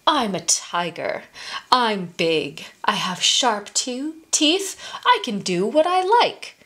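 A woman's voice: fairly high pitch, sing-song, slow, a bit bright, exaggerated voice. A woman voicing a sly hungry male tiger. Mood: smug. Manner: pleading at first, then growling and smug.

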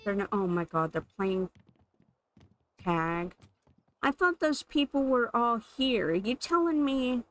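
A woman's voice: a little high, lively intonation, takes it slowly, pauses often, rough recording. A woman giving casual, amused commentary as she plays a life-sim game, thinking aloud. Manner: chatty, amused, thinking aloud while playing. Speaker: gaming channel host.

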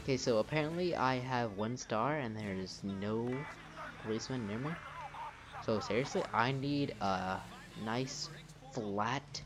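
A young man casually commenting while he plays a video game, narrating his own moves and swearing at the game when things go wrong. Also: medium pitch. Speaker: gameplay commentator. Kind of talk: casual let's-play commentary. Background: game music.

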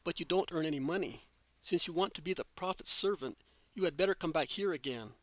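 A reproachful old woman scolds her son-in-law without pause, read by a man. The tone is bright and forceful and slightly raised in pitch. It sounds dry and close. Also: dry recording, close to an everyday voice. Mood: scolding. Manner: nagging, reproachful. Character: old scolding mother-in-law, sharp-tongued.

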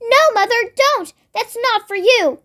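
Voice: very high-pitched, measured pace, a bit bright, voice pushed up. A child reading aloud and voicing a frantic mother who shrieks and wails in panic. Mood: panicky. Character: frantic fussing mother, woman in her forties.

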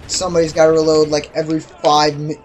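A young man giving casual, jokey gameplay commentary who yelps and shouts when something startles him. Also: fairly high pitch, flat delivery, fast talker. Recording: loud game gunfire behind voice. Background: gunfire and explosions from the game.

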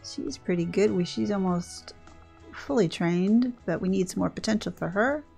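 An older woman with a gravelly, creaky voice talks casually over gameplay. She rambles along, cutting herself off mid-thought and starting over. Soft music plays faintly behind her. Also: medium pitch, moderate pace. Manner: chatty, rambling, self-interrupting. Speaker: gaming channel host.

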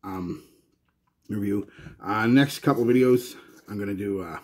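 A man's voice: lowish voice, measured pace. A Canadian man chatting to viewers in a casual, rambling fragrance review. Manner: rambling and chatty, with frequent restarts.

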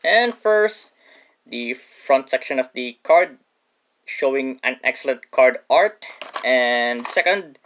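A man's voice: mid-range voice, expressive, slow pace, fairly bright tone, a little hiss or hum. A man hosting a casual toy car review, upbeat and prone to correcting himself mid-sentence. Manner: enthusiastic, repeats "or should I say" self-corrections.

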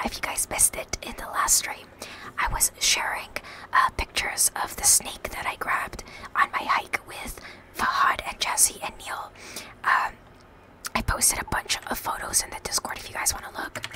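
A woman's voice: a little slow, rough recording. A young woman streamer in whispered role-play, chatting casually and swearing often into a close microphone.

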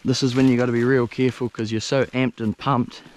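A young man with a New Zealand accent filming himself on a steep hillside outdoors, talking bluntly and excitably, with plenty of swearing, into a handheld action camera. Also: mid-range voice, brisk, slight background noise. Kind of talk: casual self-filmed commentary.

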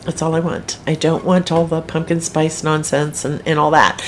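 A woman's voice: low voice, level tone, normal speed, hardly any pauses, a little hiss or hum. Chatty, frank middle-aged woman. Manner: chatty, frank, rambling asides. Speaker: author hosting a live broadcast. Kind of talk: casual livestream chat.

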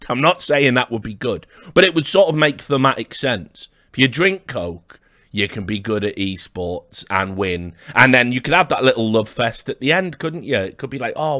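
A man's voice: medium pitch, fairly bright tone, dry recording. A man hosting a livestream, mocking and rambling in a dry, sardonic way with chuckles. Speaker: livestream host.

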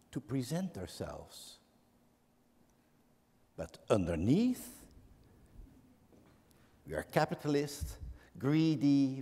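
A Dutch man tells a wry story very slowly, leaving long pauses between short phrases. His pitch moves in a lively way, and his voice carries the long reverb of a hall. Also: slightly rough. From Netherlands. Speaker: speaker on stage. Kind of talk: slow, deliberate storytelling talk.

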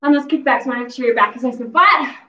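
A woman's voice: sits high, fairly quick, bright, forceful tone. A woman fitness instructor coaching a workout class, out of breath, calling cues and cheering with whoops. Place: exercise facility gym. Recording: echoey gym from far off, dull sound.

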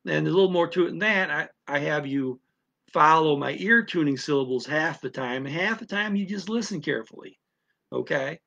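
A man's voice: a little high, normal speed, gravelly, bright, forceful tone, highs cut off. A man giving a casual spoken lesson on learning a language, rambling with many restarts.

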